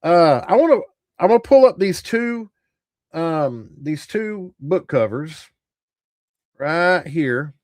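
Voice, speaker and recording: Blunt, animated male streamer. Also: fairly high pitch, slow, no echo, studio quality. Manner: blunt, profane and rambling. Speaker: tabletop gaming channel host. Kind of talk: casual livestream commentary.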